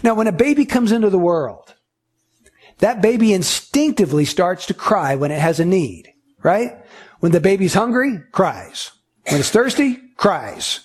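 Husky high-voiced man preaching. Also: sing-song, measured pace. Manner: earnest, emphatic teaching with repetition. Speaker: pastor. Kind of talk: sermon.

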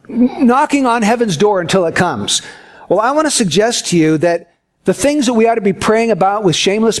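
High-voiced preacher with folksy humor. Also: male voice. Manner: earnest, storytelling with folksy humor. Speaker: pastor. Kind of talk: sermon.

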